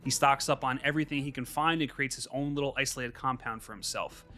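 Male podcast host, casual and upbeat, forceful bright tone, faint music behind. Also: medium pitch, fast talker. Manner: upbeat, laughs often, recaps plot.

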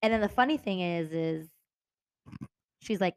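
Woman, podcast co-host, lower voice, dry close sound, animated retelling. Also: a little slow, long pauses, smooth, no room sound. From Texas. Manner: animated, laughing, acts out book characters. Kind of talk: casual book chat.

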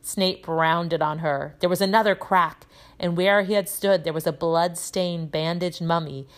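A woman teacher reading a children's novel aloud, telling it in a lively way with voices for the characters. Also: lowish voice, unhurried.

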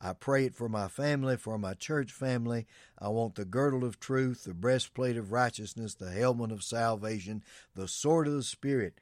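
A man's voice: medium pitch, moderate pace, a little mellow, no echo, studio quality. Man preaching an earnest sermon. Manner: earnest preaching with Bible quotations. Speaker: pastor.

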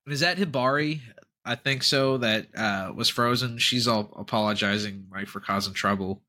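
A man co-hosting a podcast in casual chat, animated and quick to laugh and go off on tangents. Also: fairly low pitch. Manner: animated, laughing, jumps into tangents and jokey impressions. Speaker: podcast co-host.

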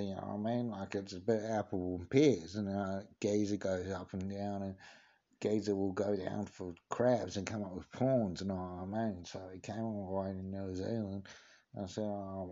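A man's voice: lowish voice, flat delivery, moderate pace, mellow, highs cut off, close to an everyday voice. A man doing a comic impression of a swaggering Cockney tough-guy geezer, rambling and sweary with endless filler phrases.

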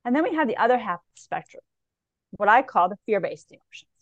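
A woman, a psychic medium, talking in an interview, animated and slipping into the voices of the people she describes. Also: fairly high pitch, quick pace, dry recording, highs cut off. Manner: animated, acts out clients' voices in quotes. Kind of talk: conversational interview talk.

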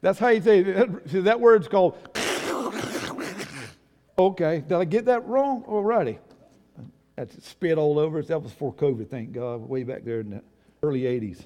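A middle-aged male pastor preaching a folksy sermon, calling on the congregation to answer and building to loud, emphatic peaks. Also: on the high side, animated, normal speed. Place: church. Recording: long reverb of a church hall.

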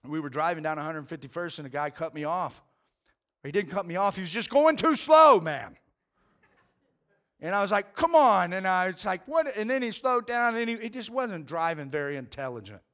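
A man's voice: high-pitched, expressive, normal speed, bright, forceful tone. A man preaching a sermon as pastor, earnest and conversational, often repeating words as he goes.

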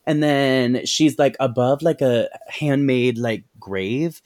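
A man hosting a podcast, giving a casual, animated movie recap full of swearing and "like"s. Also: mid-range voice, slow pace. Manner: animated, profane storytelling with many "like"s. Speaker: podcast host.

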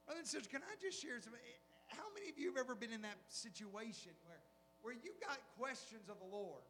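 A middle-aged man preaches in a very high voice for a man, animated, firing rhetorical questions at his listeners. His voice rings out with a long hall reverb. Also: fast talker, slight background noise. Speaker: pastor. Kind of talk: sermon.

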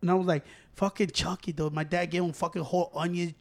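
A man telling a story in casual chat, profane and animated, with slangy asides. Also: fairly high pitch, quick pace.

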